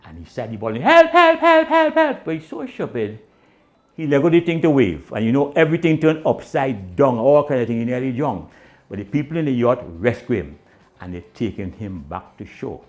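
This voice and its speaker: A man's voice: a little fast, highs cut off. A man telling comic stories in island dialect, acting out the people in his tales. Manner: animated, swinging pitch, voices the people in his tales. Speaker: storyteller.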